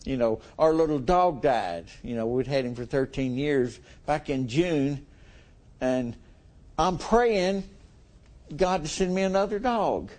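A man's voice: a little high, a little slow, darkish tone. A middle-aged man preaching a sermon in a folksy way, chuckling with his congregation.

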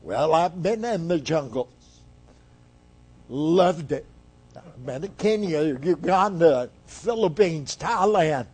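An older man preaching a sermon in a slow, earnest way, with pauses between phrases. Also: a little high, expressive, darkish tone, slightly rough. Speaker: guest preacher.

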